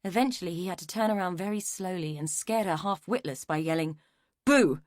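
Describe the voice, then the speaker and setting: A woman narrating a mystery audiobook in a measured, even storytelling manner. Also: lowish voice, dry recording, studio quality. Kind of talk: scripted narration.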